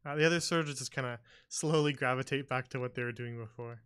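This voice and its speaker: A man running a tabletop game as game master, describing scenes in a halting way with many pauses and fillers. His voice sits at an ordinary middle pitch. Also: fairly bright tone, smooth.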